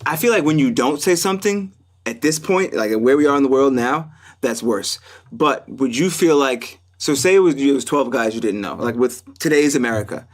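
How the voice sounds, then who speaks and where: A man's voice: medium pitch, animated, moderate pace. A man hosting a podcast, chatting casually, swearing freely and spinning joking hypotheticals. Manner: profane, joking hypotheticals, laughs often. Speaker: podcast host.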